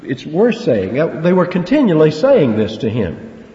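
A preacher teaches a Bible passage in an earnest, emphatic expository sermon, stressing words and posing rhetorical questions. His mellow voice is fairly high, with wildly swooping pitch and a measured pace. The recording is echoey, dull and lo-fi, with faint hiss, as if made in a hall.

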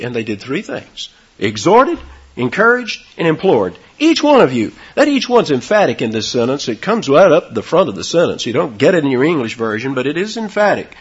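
Man, sermon, husky voice, lively swooping pitch, dull lo-fi recording. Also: a little fast. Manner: animated preaching with sudden high, loud emphasis. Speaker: pastor.

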